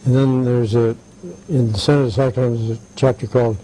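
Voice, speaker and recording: An older man being interviewed, telling anecdotes in a halting way with many "right"s and "uh"s. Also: medium pitch, flat delivery, dark tone, slight background noise, low-quality recording. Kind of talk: conversational interview.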